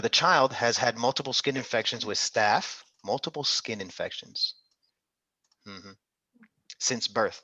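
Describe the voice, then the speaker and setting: A man's voice: mid-range voice, pushed and bright, no echo, lo-fi sound. A man tutoring an interactive online medical exam class, upbeat and coaxing, calling on students by name.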